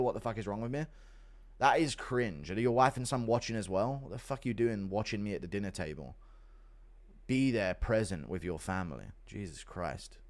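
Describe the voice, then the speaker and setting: A young man hosting a casual livestream, swearing, laughing often and mocking viewers as he reads donations. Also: on the low side. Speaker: livestream host reading donations.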